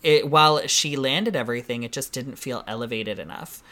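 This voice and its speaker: Male drag podcast co-host, bright tone, campy and animated delivery. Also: mid-range voice, moderate pace. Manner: animated, campy, acts out quotes. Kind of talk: casual chat.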